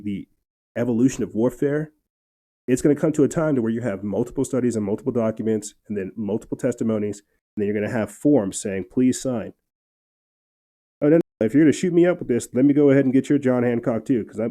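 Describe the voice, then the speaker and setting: A podcast host from New Mexico, USA, reads news articles aloud on his political commentary show and gets fired up, stammering and restarting often. His voice is mid-range and warm.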